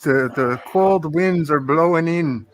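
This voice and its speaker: A man's voice: a little high, slow, a crowd in the background. A man putting on a playful Australian accent as a jokey Aussie bloke in casual livestream banter. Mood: joking. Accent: put-on Australian.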